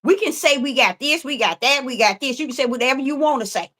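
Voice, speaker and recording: Fervent high-voiced woman preaching. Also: expressive, fast, a bit bright. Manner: fervent, repetitive, rhythmic emphasis. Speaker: self-styled prophetess preaching online. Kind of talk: impassioned preaching.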